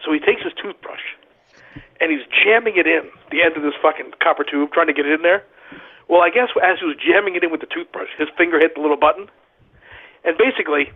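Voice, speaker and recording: A man, a former wrestler and podcast guest, calling in and telling profane, animated stories with lots of "right?" asides. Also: on the high side, breathy edge. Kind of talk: casual storytelling on a podcast. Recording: tinny phone line.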